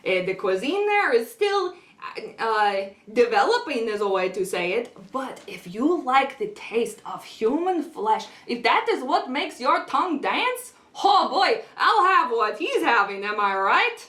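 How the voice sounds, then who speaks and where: A pushy, morbid skeleton tour guide. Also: female voice, sing-song, a little slow. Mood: chirpy. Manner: chatty salesy pitch, swings between loud and hushed. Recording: roomy sound from a distance.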